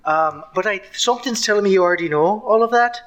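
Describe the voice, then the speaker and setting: A man's voice: high-pitched, fast talker, fairly bright tone. Joking male tabletop player. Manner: joking, rambling in character. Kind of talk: casual tabletop role-play.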